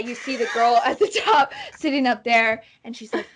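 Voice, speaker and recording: A woman narrating a tabletop game as game master. She describes scenes at length and pauses often with fillers. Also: fairly high pitch, a little hiss or hum.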